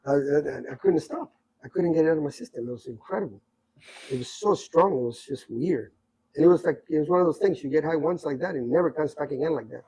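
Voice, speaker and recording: A man in his sixties telling rambling, animated stories from his youth in a casual podcast chat. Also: fairly high pitch, fast, breathy edge, low-quality recording. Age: 60s. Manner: rambling, animated anecdotes with many asides. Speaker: podcast guest storyteller. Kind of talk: casual storytelling.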